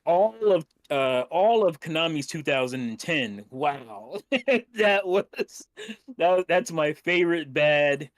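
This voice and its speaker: A man's voice: a little high, expressive, slow pace, no room sound, clean studio sound. A man co-hosting a gaming podcast, chatting loosely, laughing often and swearing casually. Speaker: podcast co-host. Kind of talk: casual chat.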